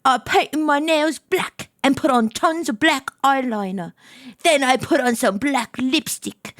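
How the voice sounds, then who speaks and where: Goth teenage girl narrator, put-on British accent, theatrical reading, fairly high voice, as a woman puts her on. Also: a little slow, fairly bright tone, no room sound, clean studio sound. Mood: dramatic reading. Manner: theatrical, self-mocking reading aloud.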